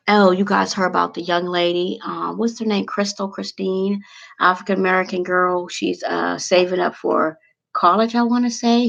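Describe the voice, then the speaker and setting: Woman, casual vlog chat, emotional and rambling, lowish voice, heavy vocal fry, dull lo-fi sound. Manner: rambling, emotional, talks straight to viewers. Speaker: vlogger.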